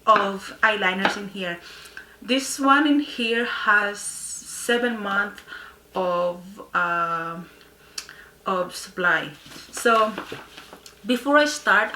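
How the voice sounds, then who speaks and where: Casting note: a woman vlogger with a lisp from her aligners, bright and slow-paced, halting delivery, echoey home room on a phone camera. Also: medium pitch. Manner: halting, with many pauses and fillers. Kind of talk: casual sit-down product review.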